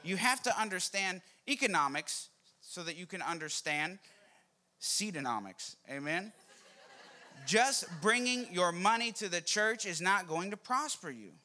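A man preaching a sermon, telling a Bible story with animated, acted-out quotes. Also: high-pitched, measured pace. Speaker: pastor.

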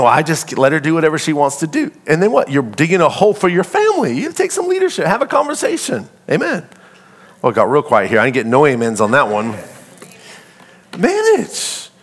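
A middle-aged man preaching a sermon, calling out to the congregation and acting out little scenes in a loose, conversational way. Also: sits high. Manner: call-and-response preaching, animated and conversational. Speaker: pastor.

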